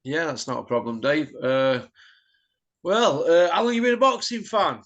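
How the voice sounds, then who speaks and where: A man's voice: fairly high pitch, moderate pace, lo-fi sound. A man hosting a chat show over a video call, blunt and matey in his talk. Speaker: host. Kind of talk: casual chat.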